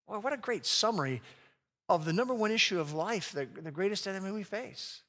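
A man preaching a sermon as a pastor, emphatic and slowing down to read scripture aloud. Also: high-pitched, animated, sharp tone. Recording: long hall reverb.

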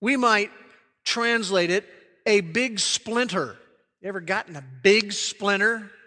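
A man preaching a sermon in an earnest way, sinking to a soft hush on key phrases. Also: high voice, a little slow. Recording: long hall reverb.

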